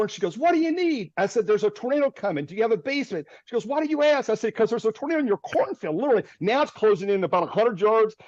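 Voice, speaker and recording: A man's voice: high-pitched, a little mellow, no room sound. A man, a storm chaser guest, telling a story vividly, with restarts and short nervous laughs, over a video call. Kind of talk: animated storytelling. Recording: dull, dry, lo-fi audio.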